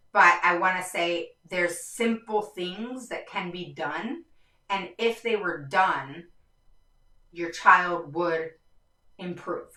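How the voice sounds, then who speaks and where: A woman's voice: fairly low pitch, sharp tone, roomy sound, far from the mic, rough recording. A woman hosting a live stream for parents, talking passionately and emphatically, her voice going up and down as she gets frustrated. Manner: passionate, voice rising and falling with frustration; repetitive, emphatic, many fillers. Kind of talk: livestream talk to viewers.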